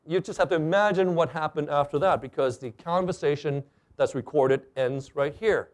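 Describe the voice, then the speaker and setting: Animated preacher man, fairly high voice. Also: normal speed. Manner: animated, acts out quoted speakers. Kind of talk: sermon. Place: church stage.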